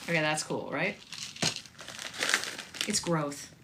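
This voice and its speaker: A woman with a slightly low voice chats upbeat and casually with her stream viewers while she makes slime. Steady noise and crinkling sit under her voice. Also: takes it slowly. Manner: chatty, upbeat, talks to viewers while working. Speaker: slime maker hosting a live stream. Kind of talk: casual live-stream chat.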